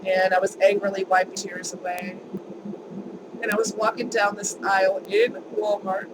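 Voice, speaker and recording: A woman's voice: mid-range voice, level tone, normal speed, background noise. A woman vlogger telling a personal story in a chatty, emphatic way, repeating words for stress.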